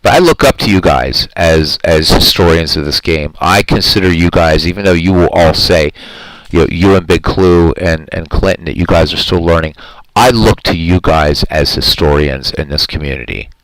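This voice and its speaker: A man's voice: low voice, moderate pace, no room sound, low-quality recording. A man hosting a live stream in casual chat, talking in an earnest, rambling, heartfelt way and answering his viewers' comments.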